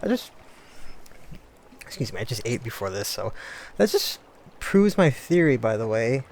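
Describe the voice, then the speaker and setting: A man giving let's-play commentary in a halting voice, thinking out loud. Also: mid-range voice, very animated. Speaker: gamer.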